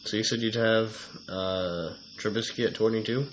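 A man co-hosting a casual sports rankings chat, reading long lists of names in a halting, methodical way. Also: fairly low pitch, steady tone. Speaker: co-host. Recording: slightly dull audio, faint noise.

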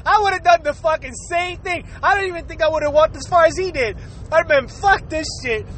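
Male podcast host with a notably high voice, loose and profane, laughing through his rant. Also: fairly quick, a bit bright, a faint crowd, a little hiss or hum. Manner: laughing often, swearing, filler-heavy.

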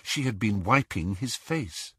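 A man narrating an audiobook with slow, dramatic delivery. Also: fairly low pitch, expressive, sharp tone, husky, no echo, studio quality.

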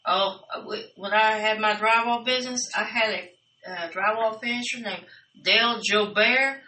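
A woman's voice: a little high, normal speed, sharp tone. An older woman with a Southern accent telling chatty family stories and laughing along. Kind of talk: casual storytelling. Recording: roomy, from a distance.

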